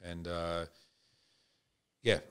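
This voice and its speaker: Australian man, very deep voice, laid-back storytelling, casual swearing. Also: little pitch movement, drawn-out words, fairly bright tone, smooth. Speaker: podcast guest.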